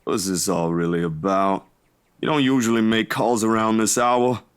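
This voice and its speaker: A wry, half-awake young man with a low, sleepy drawl, as a man puts him on while reading a game aloud. His voice sits lower than the narrator's, heavy and slow from being woken too early. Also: steady tone, smooth, natural voice.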